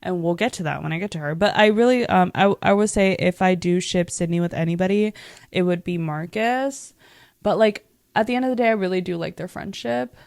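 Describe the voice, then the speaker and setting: A woman's voice: lowish voice, brisk, gravelly, darkish tone, no room sound, clean studio sound. A young woman hosting a casual chat, rambling and swearing freely with constant filler words. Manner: rambling, profane, heavy use of "like". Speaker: podcast host.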